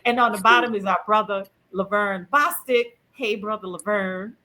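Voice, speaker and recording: A middle-aged woman hosting a podcast over a video call, animated and playful, laughing often and talking in a colloquial way. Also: medium pitch, normal speed, low-quality recording. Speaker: podcast host. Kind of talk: lively conversational podcast hosting.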